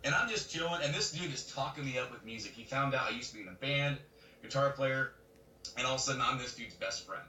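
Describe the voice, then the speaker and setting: A man co-hosting a podcast, telling a story in casual chat, animated and laughing as he acts out other people's lines. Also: mid-range voice, fast. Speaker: podcast co-host. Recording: roomy webcam mic from a distance, faint noise.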